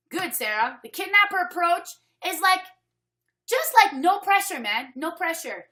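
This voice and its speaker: A woman's voice: sits high, big pitch swings, measured pace, long pauses, bright, forceful tone. A Canadian woman hosting a casual online sales training over webcam, chatty and upbeat, reading names from the chat as she talks.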